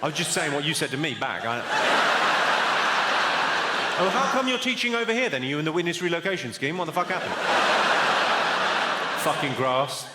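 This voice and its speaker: A man doing stand-up on a theatre stage, his deadpan, brisk delivery sitting a little high. The stage mic carries a long reverb from a large hall, with loud audience noise behind him. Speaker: stand-up comedian. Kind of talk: stand-up comedy with crowd work.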